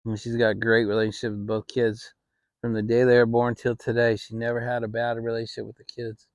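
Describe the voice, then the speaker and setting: A middle-aged man hosting his own channel, telling a family story in a relaxed, rambling way with frequent restarts. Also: mid-range voice, fast, dry recording. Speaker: channel host. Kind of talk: casual storytelling. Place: home, relaxed fireside setting.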